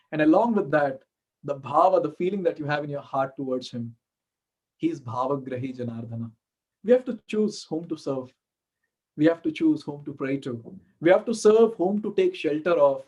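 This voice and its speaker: A man with an Indian accent, a temple speaker giving an animated devotional storytelling talk and acting out the characters. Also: a little high.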